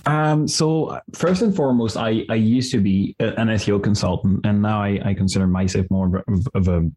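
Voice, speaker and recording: A man's voice: lowish voice, fairly quick, dark tone. A man with a French accent, a podcast guest who explains his work in detail and often restarts his phrases. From France. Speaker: guest, SEO agency CEO. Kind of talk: podcast interview answers.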